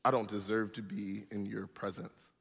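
A man voicing Peter as a frightened, ashamed fisherman, pleading in a quiet, low voice. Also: level tone, normal speed, gravelly, breathy edge, in a large hall, full character voice. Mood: fearful, pleading.

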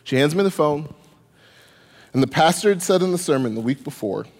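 Animated male storyteller in a hall. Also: a little high, a little fast. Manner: animated, comic, rising in excitement. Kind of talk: live stage storytelling. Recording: long hall reverb.

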